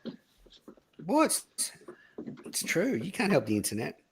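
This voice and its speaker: A man's voice: a little high, huge pitch swings, unhurried, gravelly, slight background noise. A man hosting a podcast in casual, blunt, profane chat. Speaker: podcast host.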